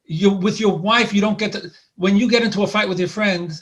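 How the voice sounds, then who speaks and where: A man gives a lecture on marriage in a loose, conversational way. His voice sits a little high for a man, and he often trips into restarts and repeated words as he works toward his point. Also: steady tone, a little fast, a bit bright. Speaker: couples therapist. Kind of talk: lecture presentation. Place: lecture hall.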